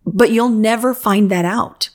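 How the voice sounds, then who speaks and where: A woman's voice: on the high side, a little slow, a little mellow. A woman coaching interior designers in casual, frank podcast advice, talking in a conversational, emphatic way.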